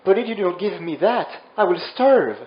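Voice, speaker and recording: A man's voice: a little high, unhurried, pitched above the performer's own voice. A man voicing a hungry, desperate ex-banker who pleads and whines in a raised voice. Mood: pleading. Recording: roomy, dull lo-fi sound.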